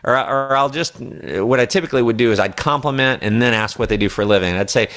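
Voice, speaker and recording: A man's voice: medium pitch, fast, hardly any pauses. Confident guy coaching how to prospect, acts out the chat lines. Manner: confident, acts out sales dialogue in a brighter voice. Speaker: network marketing trainer. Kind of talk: motivational teaching talk.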